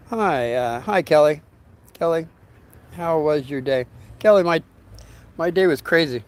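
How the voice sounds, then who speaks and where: A man's voice: fairly high pitch, lively intonation, measured pace, pauses often. Rambling folksy older man chatting to viewers. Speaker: livestream host reading viewer comments. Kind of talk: casual storytelling livestream.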